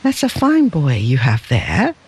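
Matter-of-fact male customs officer, read by a man, official tone, lively pitch. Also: unhurried, husky, full character voice. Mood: curious.

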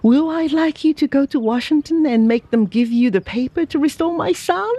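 A reader doing a grieving merchant father in a storybook, slow and sorrowful in his speech. The voice is mellow and a little husky, with lively pitch. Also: dry recording, dull audio, heavily acted. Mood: eager. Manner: slow, sorrowful and plain-spoken. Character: grieving middle-aged Chinese merchant father, quiet and mournful.

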